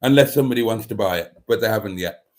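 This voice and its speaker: A man's voice: lowish voice, very fast. A middle-aged man hosting a livestream, chatting casually and rambling through jokes and viewer comments with many fillers. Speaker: livestream host.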